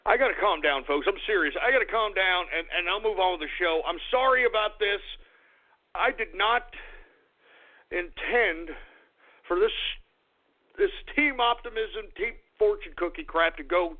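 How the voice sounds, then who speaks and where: A man's voice: high-pitched, animated, normal speed. A man hosting a radio talk show, ranting in an agitated, swearing, stammering way. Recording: tinny phone-like radio audio.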